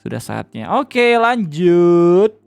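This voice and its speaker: A man chats loosely on a reaction livestream, full of slang and casual swearing. His voice sits fairly high, and faint music plays underneath. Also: big pitch swings, slow pace, gravelly, smooth, no room sound.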